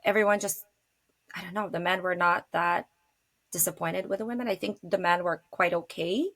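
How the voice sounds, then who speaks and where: A woman's voice: on the low side, steady tone, moderate pace, fairly bright tone. A woman guest on a podcast, chatting frankly and animatedly about dating. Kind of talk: casual chat.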